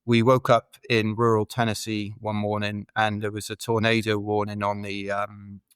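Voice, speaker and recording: This British ultra runner talks at a moderate pace in a fairly low, monotone voice that sounds clear and resonant. Guesting on a podcast, he spins meandering, casual stories packed with fillers. There's no echo.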